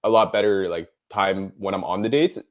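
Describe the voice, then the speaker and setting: A man's voice: low-pitched, fairly even intonation, moderate pace. A young man, co-hosting a casual debate podcast and rambling with many fillers and restarts. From United States. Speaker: podcast co-host.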